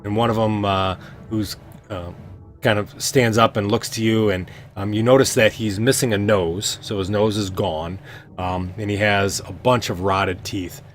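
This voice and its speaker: A man's voice: lowish voice, fairly even intonation, measured pace, faint music behind. A man narrating a tabletop game as game master, in a loose, conversational way.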